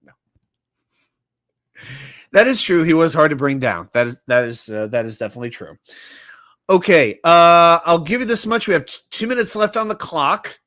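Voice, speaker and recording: Lively animated sports talk host. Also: male voice, fairly high pitch, moderate pace, pauses often. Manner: animated, reads viewer chat aloud and jokes. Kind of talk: casual live-stream chat running trivia.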